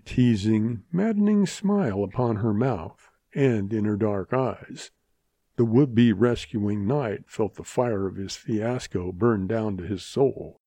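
Male narrator, audiobook reading, measured, expressive, dark husky voice, dry close sound. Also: fairly low pitch, no room sound.

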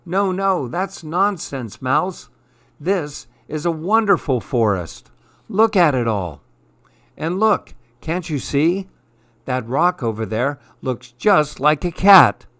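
A man voicing a fussy, self-important male pigeon who talks in a brisk, huffy, impatient way. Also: a little high, sing-song, a bit bright, no room sound, pitched above the performer's own voice, heavily acted. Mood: gentle.

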